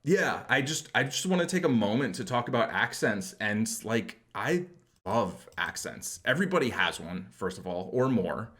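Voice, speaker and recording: Rambling low-voiced man from New York. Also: sing-song, normal speed, a bit bright. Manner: rambling, self-deprecating asides. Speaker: podcast host. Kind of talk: casual chat.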